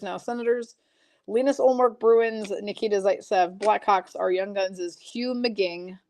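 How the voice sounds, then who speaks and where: A woman's voice: mid-range voice, no room sound. A woman hosting a live hockey card break, reading out pulls and chatting with viewers. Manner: chatty, reads card names and viewer comments. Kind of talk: casual live stream chat.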